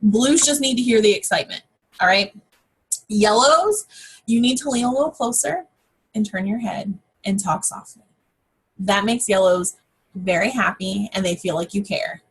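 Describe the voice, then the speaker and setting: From her home office, a network marketing team trainer gives her sales team a casual training talk, chatty and full of fillers and excited exclamations. Her husky voice sits at an ordinary middle pitch, and she speaks at a normal speed.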